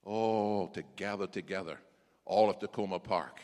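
A male pastor preaching a sermon in a church. He calls out to members of the congregation by name and breaks into shouts. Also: sits low, moderate pace. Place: church sanctuary. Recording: echoey church sanctuary.

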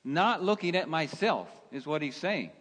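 A male pastor preaching a sermon, slow and emphatic, asking his listeners rhetorical questions. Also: fairly high pitch, sing-song, fairly bright tone, husky. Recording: long hall reverb.

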